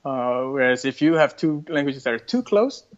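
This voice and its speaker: A man's voice: mid-range voice, expressive. Man with a North American accent, lo-fi. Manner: halting, thinking aloud with many restarts. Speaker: interview guest. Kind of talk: casual conversation.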